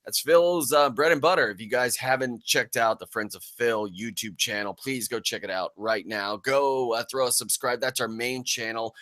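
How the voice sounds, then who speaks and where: A man's voice: medium pitch, normal speed, hardly any pauses, bright, forceful tone, no room sound. A man hosting a casual live-stream podcast, with a loose, rambling, jokey way of talking into a close desk mic. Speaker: podcast host.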